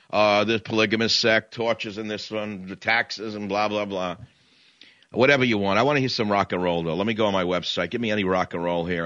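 A man's voice: lowish voice, a bit bright, no echo, lo-fi sound. A man hosting a talk radio show, ranting in a combative, sarcastic monologue.

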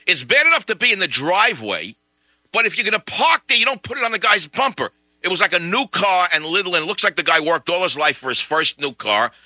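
Lively radio host with a bright edge. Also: male voice, on the high side, dry recording, lo-fi sound. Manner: animated storytelling, comic outrage. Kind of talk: talk radio monologue.

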